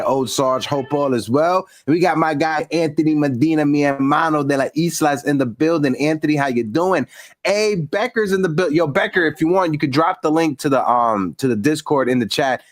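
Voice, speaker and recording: A man hosting a casual sports talk show, laid-back and swearing now and then, speaking into a headset. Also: fairly high pitch. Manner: laid-back, swears, greets chat viewers. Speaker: host. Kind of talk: casual chat. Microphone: headset with soundboard.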